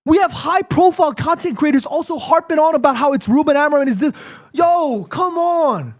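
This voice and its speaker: Heated high-voiced ranting football fan. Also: male voice, animated, a little fast. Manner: heated, ranting, profane, addresses chat directly. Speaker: football watchalong streamer. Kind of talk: live fan reaction stream.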